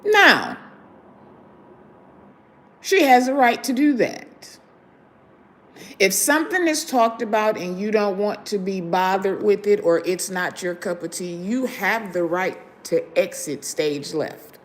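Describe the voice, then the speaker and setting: A woman hosting a live stream, lying down in pain, speaking slowly and emphatically to her viewers. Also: medium pitch, lively intonation. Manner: slow and emphatic, hyping viewers to like. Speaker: show host.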